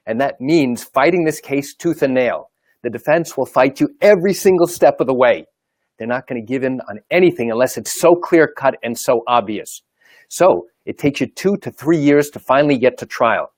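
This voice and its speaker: A man's voice: medium pitch, lively intonation, moderate pace, a little mellow, no room sound, clean studio sound. A man, a lawyer, speaking on a live video, emphatic and repetitive, with many rhetorical questions. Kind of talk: live video talk to camera.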